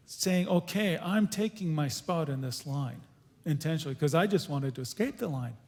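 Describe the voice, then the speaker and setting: A man giving an earnest, halting testimony as a guest speaker at a church conference question-and-answer session. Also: a little high, lively intonation. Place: church auditorium. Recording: echoey church hall.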